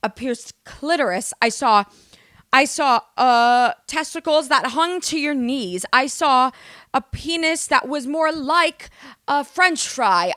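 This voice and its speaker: A young woman from the United States, hosting a podcast and telling stories in a loud, animated, swearing way. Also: high voice, dry recording, studio quality. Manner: animated, swearing, exaggerated storytelling. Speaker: podcast host. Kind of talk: casual storytelling monologue.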